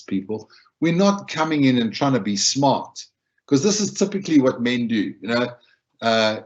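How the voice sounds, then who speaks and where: A man's voice: medium pitch, muffled recording. Man giving a chatty wellbeing talk. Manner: conversational, repeats phrases, acts out quoted lines. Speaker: wellbeing speaker. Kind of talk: informal talk on emotional support.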